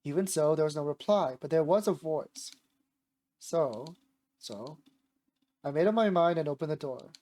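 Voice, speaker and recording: A man voicing a chatty young woman, hushed. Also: fairly high pitch, expressive, moderate pace, pauses often, lightly acted. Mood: eager. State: sore voice. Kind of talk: reading a visual novel aloud.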